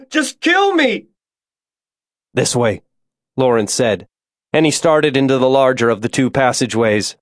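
A man voicing a dying, delirious woman who mumbles and pleads weakly in an audiobook. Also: very deep voice. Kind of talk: audiobook character voice.

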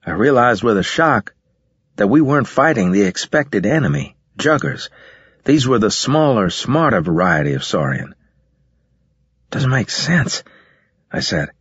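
A man narrating a story in the first person with a steady, measured reading. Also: lowish voice, husky, dry recording, dull audio. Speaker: audiobook narrator.

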